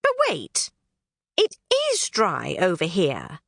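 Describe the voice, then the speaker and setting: A woman voicing Knotgrass, a cranky, bossy female pixie who scolds in drawn-out words, in a storybook reading. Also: fairly low pitch, wildly swooping pitch, gravelly, a bit bright, husky, no room sound, studio quality, heavily acted. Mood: grumpy.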